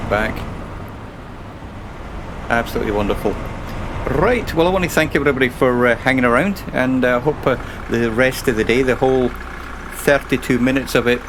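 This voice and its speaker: A man's voice: mid-range voice, background noise. A man casually commentating his own driving game stream, chatting and rambling to himself and his viewers.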